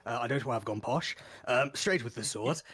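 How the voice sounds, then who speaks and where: A man running a tabletop game as game master, playful and quick to laugh. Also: medium pitch, fairly bright tone, husky.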